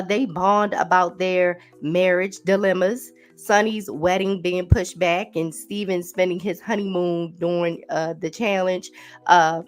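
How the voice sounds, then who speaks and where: A woman with a fairly low voice hosts a casual podcast recap. She chats freely and keeps turning to her listeners with "y'all" and "honey". Faint music plays beneath her. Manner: chatty, talks straight to listeners with "y'all" and "honey". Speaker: podcast host. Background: faint background music.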